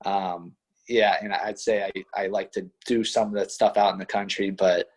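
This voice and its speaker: A man's voice: fairly low pitch, level tone, moderate pace, slightly rough. A young man from western Pennsylvania with a Pittsburgh accent blended with Midwest speech, chatting modestly as an interview guest with lots of "you know" and "like". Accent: Pittsburgh mixed with Midwest. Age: young adult. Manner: easygoing, modest, filler-heavy with many "you know" and "like". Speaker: college wrestler guest. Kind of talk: casual interview chat.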